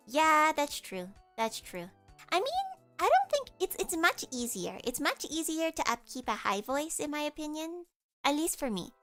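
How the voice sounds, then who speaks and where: A woman's voice: sits high, sing-song, moderate pace, fairly bright tone, soft background music. A woman streamer chatting casually with her viewers in a nasal voice, explaining things as she goes. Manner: chatty, explains with vocal demos.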